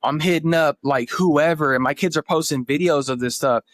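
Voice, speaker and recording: A man's voice: a little high, normal speed, fairly bright tone. A man in his thirties, a podcast guest, telling family stories in an earnest, emotional way. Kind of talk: casual interview talk.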